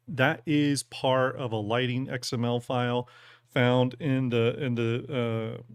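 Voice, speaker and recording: A man with a Southern American accent rambles through a live stream, full of ums and folksy asides. His voice sits at a middle pitch. The sound is dry and close, with little room in it. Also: no echo. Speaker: streamer and 3D ship designer. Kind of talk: casual live-stream talk.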